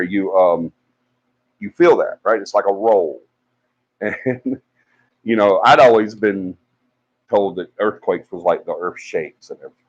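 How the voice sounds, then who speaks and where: A man with a fairly low voice tells a story the way he would to friends. He rambles and uses plenty of fillers, and his voice jumps up when he acts out what people said. The audio sounds dull and lo-fi, like a home live stream. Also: a little mellow. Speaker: paranormal investigation team member on a live stream.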